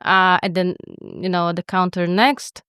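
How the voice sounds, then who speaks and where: A woman's voice: on the low side, fairly even intonation, unhurried, a bit bright, clean tone, dry recording, studio quality. A woman co-hosting a podcast in casual chat, candid and profane, with lots of filler words. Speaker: podcast co-host.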